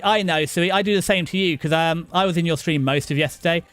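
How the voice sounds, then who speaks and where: A man's voice: fairly high pitch, fairly bright tone, faint music behind. A middle-aged man chatting casually with his viewers while playing a game. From southern England. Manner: chatty, talks to chat by name, halting restarts. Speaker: streamer. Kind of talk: casual live-stream chat over gameplay.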